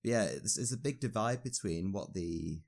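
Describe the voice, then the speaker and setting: Low-voiced young man, relaxed chat. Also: normal speed, creaky. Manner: relaxed, rambling with fillers. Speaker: university student. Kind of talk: casual podcast chat.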